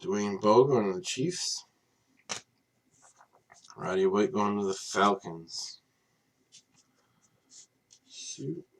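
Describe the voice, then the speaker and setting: A man's voice: fairly low pitch, slow, long pauses, a little hiss or hum. A man hosting a live card break stream, reading off players and teams in a casual, tired way, apologizing for yawning late at night. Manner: reads off names in a steady list.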